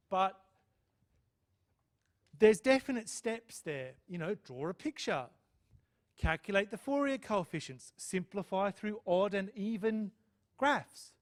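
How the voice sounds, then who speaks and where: A man lecturing on math to a live class, chatty, often checking in with "okay?" and "right?". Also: high voice. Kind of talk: live lecture with student questions.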